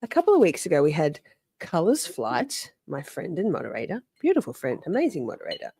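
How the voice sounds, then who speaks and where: A woman's voice: low voice, wildly swooping pitch, fairly quick, warm tone, husky, no room sound, clean studio sound. A woman hosting a casual livestream from home, greeting viewers by name, chatty and a bit profane. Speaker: livestream host. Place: home, with dogs nearby.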